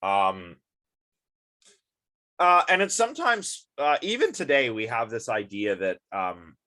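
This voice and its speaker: A man's voice: mid-range voice, big pitch swings, takes it slowly, bright, forceful tone. A man giving a casual philosophy lecture, sleepy and yawning, rambling with many fillers and asides to his students.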